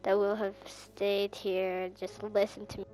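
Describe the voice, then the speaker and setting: A woman with an Irish accent giving rambling, chatty gameplay commentary that bursts into excited squeals. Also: medium pitch, a little slow, soft background music. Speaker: gaming channel host.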